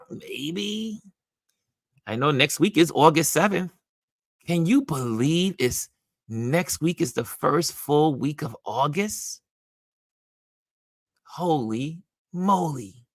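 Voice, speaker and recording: A man hosts a relaxed livestream chat, his voice swinging widely in pitch as he reacts with emphasis to what viewers post. His tone is bright and forceful, and the sound is close and dry, with little room around it. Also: vocal fry, dry recording. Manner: animated, reacting to viewer comments; laughs often and speaks emphatically. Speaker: livestream host.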